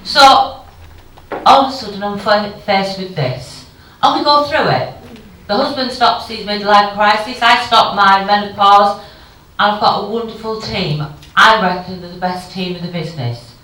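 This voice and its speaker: A woman in her fifties gives a frank, emotional keynote speech with wry humour in a conference hall. Her voice is medium-pitched, moderately paced, pushed and bright. The hall is very echoey and she is far from the mic.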